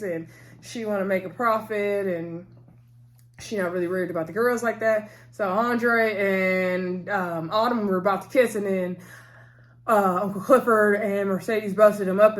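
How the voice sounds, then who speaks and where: Woman vlogger, casual episode recap, rambling and chatty, lots of fillers, mid-pitched. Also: steady tone, normal speed. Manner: rambling, loose, full of fillers like "so anyway" and "um"; chatty and familiar, addressing viewers directly. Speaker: TV episode reviewer.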